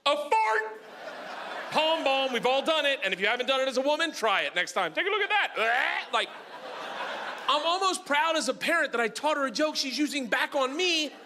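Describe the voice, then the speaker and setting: A middle-aged man performs stand-up on a club stage, with a high voice that leaps all over its range. He tells his story loud and rowdy, jumping into shrill impressions of other people. The live recording carries clear room noise from the club. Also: animated, fairly quick. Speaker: stand-up comedian. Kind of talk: stand-up comedy set. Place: comedy club stage with audience.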